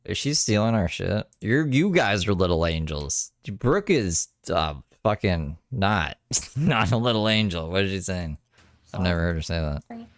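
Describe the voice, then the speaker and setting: Woman, off-camera chatter, blunt interjections, very low lively voice. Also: a little slow. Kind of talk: casual chat.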